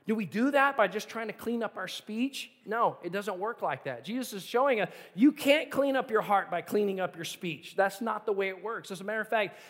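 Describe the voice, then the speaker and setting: Middle-aged male pastor, high tenor, earnest and emphatic preaching, long hall reverb. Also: expressive, fairly quick, few pauses, fairly bright tone. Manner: earnest storytelling, building to emphatic repeated appeals. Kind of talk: sermon. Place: church sanctuary.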